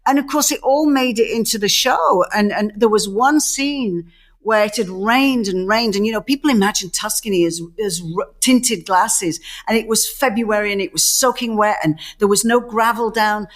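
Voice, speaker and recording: A woman's voice: mid-range voice, normal speed. A middle-aged woman co-hosting a casual chat, telling stories with many restarts and acting out the quotes. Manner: lively storyteller who acts out quotes, many restarts. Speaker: podcast co-host.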